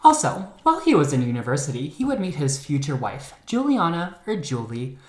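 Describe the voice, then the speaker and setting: A man's voice: on the high side, huge pitch swings, fairly quick. A man co-hosting a podcast, telling a true-crime story in a campy, joking, casual way. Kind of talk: casual chat. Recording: roomy echo.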